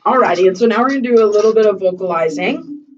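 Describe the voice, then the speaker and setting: A woman's voice: mid-range voice, fast, recorded from a distance, lo-fi sound, a little hiss or hum. A woman teaching a voice lesson, chatty and encouraging, sometimes singing examples.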